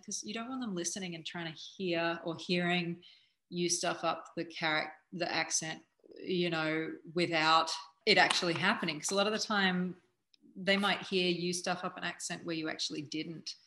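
Bright-voiced woman giving frank advice. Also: on the low side. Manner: chatty, frank, with frequent restarts. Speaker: acting coach. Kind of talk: casual advice talk.

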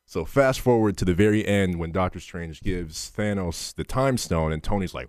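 A man's voice: low voice, animated, normal speed, darkish tone, dry recording, studio quality. A man co-hosting a podcast, chatting casually, laughing and cursing as he retells movie scenes. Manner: laughing, joking, swearing. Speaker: podcast co-host. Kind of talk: casual chat.

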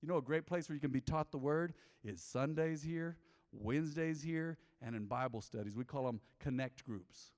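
A man preaching as a pastor in a church, emphatic, swinging between loud bursts and quiet asides, calling on the congregation to answer back. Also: moderate pace. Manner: emphatic, big swings in pitch and loudness; calls for congregation responses. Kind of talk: sermon. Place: urban church. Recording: long hall reverb in a church.

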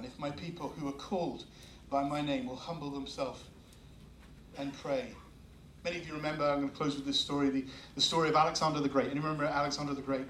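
A man preaching a sermon as pastor, telling stories with lively laughs. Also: on the high side, fast talker, slight background noise. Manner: animated storytelling with laughs. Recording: roomy sound from far off mic.

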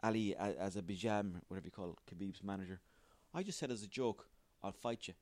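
A man's voice: low voice, fast talker, a little mellow, dry recording. A man hosting a solo comedy podcast, sweary, rambling and self-mocking. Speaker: podcast host.

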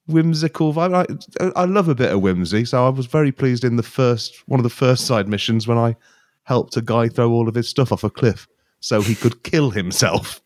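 A man co-hosting a podcast who tells stories quickly in casual comedic chat and laughs often. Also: medium pitch, darkish tone, no echo, clean studio sound. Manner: rapid, giggly storytelling with frequent laughter. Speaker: podcast co-host.

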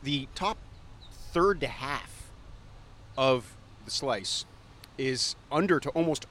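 A man co-hosts a casual food podcast, eating pizza while he talks and explaining things hesitantly and thoughtfully, with lots of ums and restarts. His medium-pitched voice is expressive, slow and fairly bright, with slight background noise.

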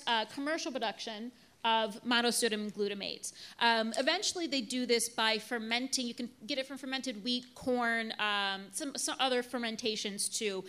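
A woman's voice: fairly high pitch, bright, forceful tone. A woman presenting a talk with slides, telling the story casually with asides and fillers. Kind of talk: live talk to an audience with slides. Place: venue in a big city.

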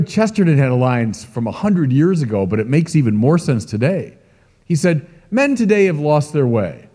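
A middle-aged man, a bishop, preaching a sermon in an emphatic, lively way with asides to the congregation. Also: a little high. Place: large church. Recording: long church reverb.

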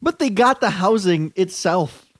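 A man's voice: high-pitched, animated, a little slow, dry recording, clean studio sound. A man co-hosting a casual podcast, reading news stories and getting sarcastic and profane.

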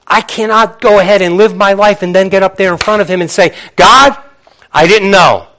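A middle-aged man preaching a sermon in a conversational, animated way, acting out little quotes as he goes. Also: high-pitched, fast talker. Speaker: pastor.

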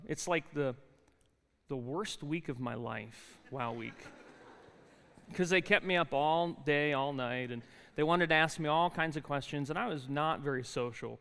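A man's voice: a little high, fairly bright tone, clean tone. A man in his forties with a New Jersey accent, telling his life story in a university chapel sermon, talking with many fillers and restarts. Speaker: chapel speaker. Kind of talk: sermon with personal testimony. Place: large university chapel hall. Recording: reverberant hall.

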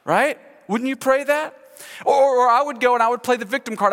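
A male pastor preaching a sermon to a congregation in a church, animated and acting out quoted speech, leading the room in call-and-response. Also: extremely high pitch, fast. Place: church sanctuary. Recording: long hall reverb in church.

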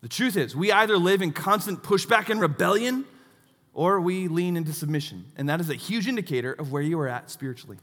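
Thirtysomething guy preaching, kinda high voice, pokes fun at himself, big hall echo. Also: brisk. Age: 30s. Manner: animated storytelling with self-mocking asides. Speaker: pastor. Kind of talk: sermon.

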